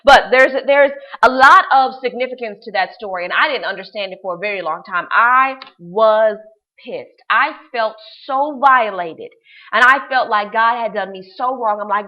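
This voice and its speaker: A woman's voice: fairly high pitch, moderate pace, lo-fi sound. A woman life coach telling a personal story to her class in a casual, emphatic way, repeating words for stress and using slang.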